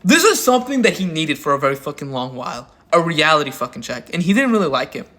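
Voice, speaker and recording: A man's voice: on the high side, big pitch swings, fast talker, a bit bright. A man doing drama commentary in a crude, mocking and heavily profane way. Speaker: commentary YouTuber.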